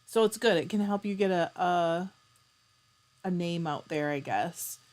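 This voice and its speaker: A woman hosting a casual live stream. She reads out viewers' comments, chats back to them and keeps clearing her throat. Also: lowish voice, measured pace. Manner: chatty, reads out comments and answers them warmly. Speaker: livestream host.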